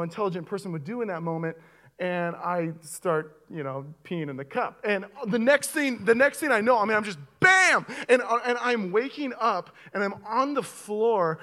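A young man preaching as a pastor, telling a comic story to his church and getting loud and animated at the funny parts. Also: sits high. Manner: animated storyteller, voice rising sharply with excitement. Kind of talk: sermon with a comic personal story. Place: church auditorium with audience.

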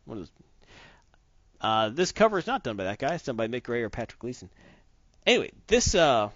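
A man co-hosting a casual comic book chat, opinionated and rambling, who slips into quick voices for the characters he describes. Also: mid-range voice, sing-song, no room sound. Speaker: podcast co-host. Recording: dull lo-fi dry sound.

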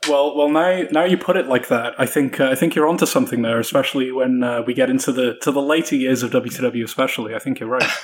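A British-accented man speaking as an author and podcast guest, with a voice of middling pitch. He talks in a measured way, with dry humor and frequent hesitant fillers. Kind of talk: casual podcast interview.

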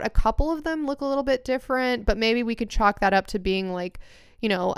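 A woman's voice: medium pitch, clean tone, no echo, studio quality. A young woman co-hosting a podcast, telling rambling stories in casual chat and swearing freely. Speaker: podcast co-host.

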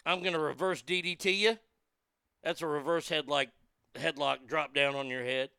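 A man's voice: on the high side, fairly even intonation, normal speed, gravelly, sharp tone, smooth, dry recording. A man hosting a show, ranting angrily with heavy swearing. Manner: profane, heated, swearing often. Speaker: host. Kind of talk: angry commentary rant.

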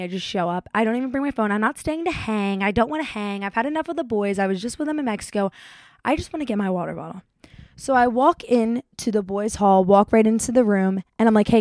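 A young woman tells a long story straight to her audience, chatty and animated, slipping into voices for the people in it. Her voice sits in an ordinary middle range. The sound is dry and close, with no room echo. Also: mid-range voice. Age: young adult. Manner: chatty, animated, acts out quotes. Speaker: vlogger. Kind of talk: casual storytelling vlog.

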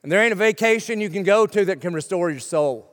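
A middle-aged male pastor preaching a sermon in a church, joking and punchy, firing off quick lists. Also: sits high, big-room sound. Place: church sanctuary.

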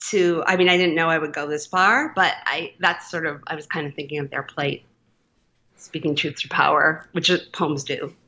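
Bright-voiced chatty woman in her fifties. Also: deep voice, fairly even intonation, normal speed. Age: 50s. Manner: chatty and digressive. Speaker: poet guest. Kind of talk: casual podcast chat.

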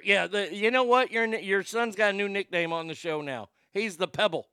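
Gravelly man ranting crudely. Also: sits high, normal speed, pushed and bright, no room sound, clean studio sound. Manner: blunt, vulgar, mocking. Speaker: radio show host. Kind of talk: crude comedic commentary.

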